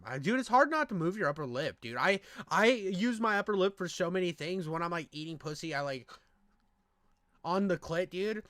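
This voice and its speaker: A man's voice: high-pitched, animated, fairly bright tone, dry recording. A young man hosting a reaction video, joking loosely in casual, crude commentary. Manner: loose, joking, swearing, quick to laugh.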